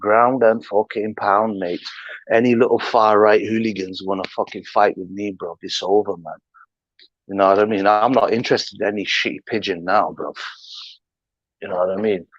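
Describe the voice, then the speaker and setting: In a lowish voice with fairly even intonation, a livestream host delivers a heated, swear-filled rant in casual, slangy, combative language at normal speed. The sound is dull lo-fi stream audio with no room sound.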